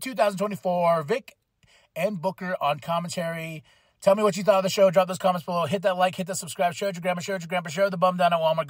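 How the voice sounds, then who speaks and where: A man hosting a podcast, recapping a wrestling show in a casual, chatty way and acting out lines in quick voices. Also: sits high, no room sound, clean studio sound. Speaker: podcast host.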